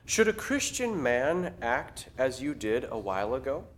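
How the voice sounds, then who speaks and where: A man reading aloud the lines of a wise old rector who questions a man gently but firmly. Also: mid-range voice, sing-song, unhurried, noisy background. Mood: gently probing. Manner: earnest, questioning, read aloud.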